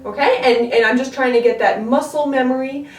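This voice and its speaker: A woman giving a step-by-step music lesson, patient, often pausing to check that the learner is following. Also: high voice. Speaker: string teacher. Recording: echoey room, distant mic. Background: her own instrument playing between phrases.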